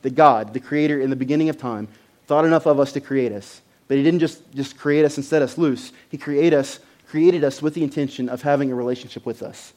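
A man preaching a sermon to a congregation, conversational, with loud emphatic bursts and frequent repeated words. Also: medium pitch, fairly quick. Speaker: pastor.

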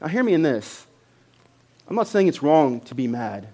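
Male pastor, conversational sermon delivery, somewhat high voice, emphatic bursts. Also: sing-song, moderate pace. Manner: swings from quiet to loud, emphatic bursts; repeats words and restarts, conversational preaching.

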